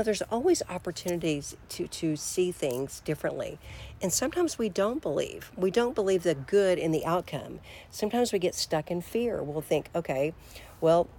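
A woman leading an informal devotional talk and guided prayer, speaking conversationally and reflectively, sometimes dropping to hushed tones. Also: lowish voice.

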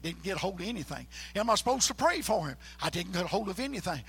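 A man's voice: high voice, very animated, quick pace, creaky, hardly any pauses, a bit bright, husky. A man, a preacher telling a folksy, emphatic testimony story.

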